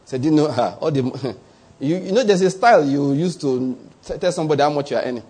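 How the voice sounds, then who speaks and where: A middle-aged Nigerian man preaching a sermon, animated, stretching key words for emphasis and chuckling between points. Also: fairly high pitch, brisk, husky. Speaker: pastor.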